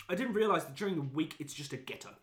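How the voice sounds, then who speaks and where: A young man from Poland tells a rambling story to friends, animated and quick to laugh and swear. His voice sits a little high for a man. The recording has an echoey room sound with faint background noise. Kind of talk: casual chat.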